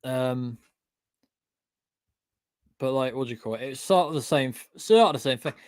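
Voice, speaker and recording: Talking fast with lively intonation in a medium-pitched voice, a young YouTube creator casually recounts his channel's history on a livestream. His chat is rambling and full of swearing, broken up by frequent pauses for "what do you call it".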